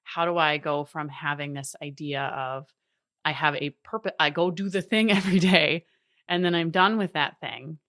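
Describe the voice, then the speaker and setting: A woman's voice: deep voice, normal speed, a bit bright, no echo, clean studio sound. A woman in her thirties hosting a solo coaching podcast, earnest and encouraging, often laughing as she talks. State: briefly emotional.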